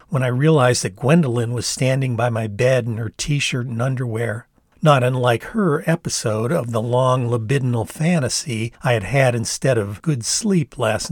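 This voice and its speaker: An older man from the United States reading his memoir aloud in a measured, reflective storytelling manner. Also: medium pitch, no room sound, studio quality. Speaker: author and narrator. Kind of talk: memoir narration read aloud.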